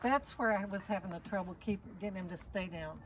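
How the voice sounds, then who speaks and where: A woman's voice: mid-range voice, fairly quick. A woman dog owner chatting during a training session, laughing easily and asking practical questions. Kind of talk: casual conversation. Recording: distant, dull mic with faint noise.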